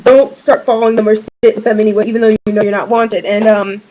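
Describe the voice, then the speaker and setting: A woman's voice: mid-range voice, flat delivery, fast talker, dark tone, slight background noise, rough recording. A young woman, a college student, ranting casually to her webcam at home, rambling with many fillers and restarts. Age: young adult. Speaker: vlogger. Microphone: webcam mic.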